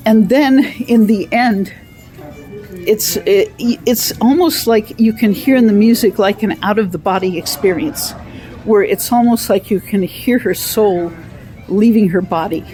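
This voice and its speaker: A woman's voice: medium pitch, measured pace, dark tone, soft background music. A woman singing excerpts from an opera and stopping to explain the story in plain talk. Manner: sings arias then retells the plot in plain talk.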